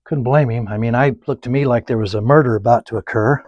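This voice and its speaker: A man teaching oil painting, rambling through folksy anecdotes and muttering softly to himself while he paints. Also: mid-range voice, quick pace, dry recording, lo-fi sound. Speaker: painting instructor. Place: painting studio.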